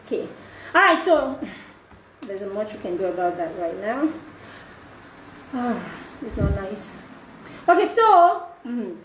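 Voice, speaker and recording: A woman's voice: medium pitch, big pitch swings, slow pace, pauses often, echoey room, noisy background. A woman giving a live-streamed parenting talk as a mentor, repeating herself and checking in often with "okay?" and "right?". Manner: repetitive, checking in with frequent tag questions.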